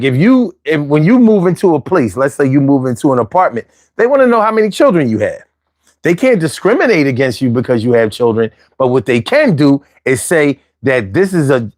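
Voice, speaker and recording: A man's voice: medium pitch, dry recording, studio quality. A man with a Philadelphia accent hosting his own show, giving casual, slangy advice with jokey asides. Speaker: host.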